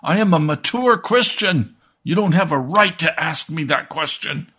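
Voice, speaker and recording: A man voicing a bitter, defensive middle-aged churchwoman who insists in an offended, shrill way. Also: lively intonation, moderate pace, pushed and bright, slightly rough, exaggerated voice. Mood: indignant.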